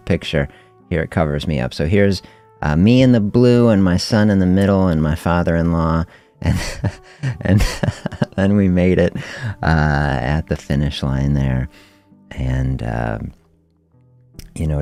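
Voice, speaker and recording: Very deep-voiced middle-aged male host. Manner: relaxed, chuckles often, reflective. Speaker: host of a fasting health podcast. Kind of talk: casual livestream storytelling.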